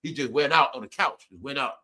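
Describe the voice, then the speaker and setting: A middle-aged live stream host chats casually with his viewers, telling personal stories at a quick pace. He's animated and laughs often, swinging between loud outbursts and low mutters.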